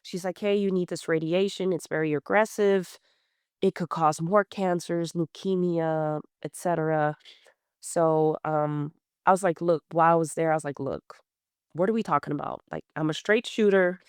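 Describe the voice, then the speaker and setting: On a podcast, a thirty-something woman who runs tells her story bluntly and plainly, with plenty of fillers and restarts, in candid conversational style. Her lowish voice moves at normal speed with fairly even intonation and a clean tone. It's studio quality, with no room sound.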